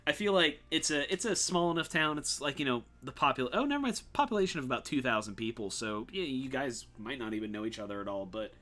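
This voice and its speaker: A man's voice: medium pitch, animated, fast, hardly any pauses, pushed and bright. A man narrating as game master of a tabletop game in a casual, rambling way with many fillers.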